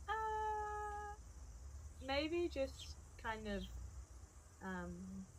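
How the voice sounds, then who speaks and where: A woman's voice: sits high, big pitch swings, extremely slow, slight background noise, rough recording. Chatty young New woman hiker. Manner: chatty, lots of fillers, laughs often. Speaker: guest, hiker. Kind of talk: casual interview chat.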